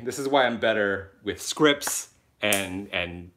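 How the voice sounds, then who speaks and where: Young man, live-stream host, phone mic, excitable and chatty, bright voice, lively pitch. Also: slow. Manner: excitable, chatty, laughs a lot, reads out comments. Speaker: creator hosting a live Q&A. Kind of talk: casual live-stream chat.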